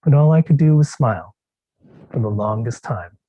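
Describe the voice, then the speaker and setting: A man telling a personal story on a contest stage, his voice rising and falling widely and dropping to a hush in tender moments. The tone is mellow and slightly husky, and the sound is dry and close. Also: medium pitch, dry recording, dull audio. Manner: expressive, with drawn-out pauses and hushed tender passages. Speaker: contest speaker. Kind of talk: dramatic storytelling speech.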